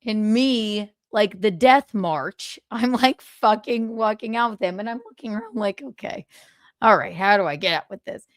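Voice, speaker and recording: A podcast host tells a story in a casual livestream monologue, cursing freely and playing both sides of the conversation herself. Her mid-range voice moves at normal speed, captured in a dry, studio-quality recording.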